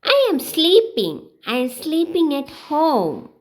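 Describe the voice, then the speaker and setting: A woman teaching beginners, reading short example sentences one by one in a slow, clear, sing-song way. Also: high-pitched, huge pitch swings. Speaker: English teacher.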